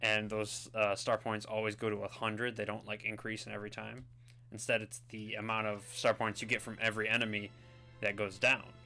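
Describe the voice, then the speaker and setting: A man's voice: lowish voice, monotone, brisk, sharp tone, faint music behind. A man giving chatty, rambling commentary while playing a video game. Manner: chatty, rambling, self-amused. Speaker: gaming video host. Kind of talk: casual let's-play commentary.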